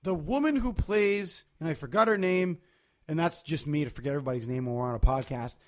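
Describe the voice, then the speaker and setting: A man's voice: fairly high pitch, a little fast. Rambling man on a casual podcast. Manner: rambling, loose storytelling with many fillers. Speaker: podcast co-host. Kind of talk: casual chat.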